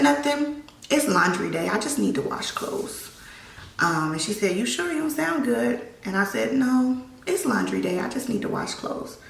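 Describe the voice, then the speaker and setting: A young woman telling a personal story on her vlog, halting and emotional with many restarts, holding back tears. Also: lowish voice, vocal fry, fairly bright tone, distant mic, a little hiss or hum. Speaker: vlogger. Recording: echoey room, voice a bit off-mic.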